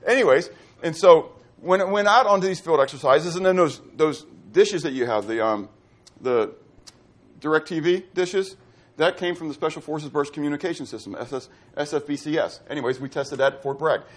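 A man's voice: on the high side, normal speed. A middle-aged man from Pittsburgh preaching a sermon as pastor, quizzing his congregation with fill-in-the-blank questions. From Pittsburgh, USA.

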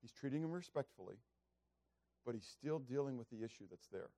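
A man's voice: mid-range voice, lively intonation, fairly quick, warm tone, no room sound. A man preaching a sermon in a conversational way, asking the listeners questions and acting out biblical speeches in a raised voice. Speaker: pastor.

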